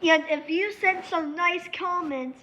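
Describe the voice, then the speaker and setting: Very high-voiced rambling vlogger girl. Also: slow pace, bright, forceful tone, slight background noise, poor audio. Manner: rambling, keeps saying "anyways". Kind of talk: casual home vlog. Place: at a table indoors.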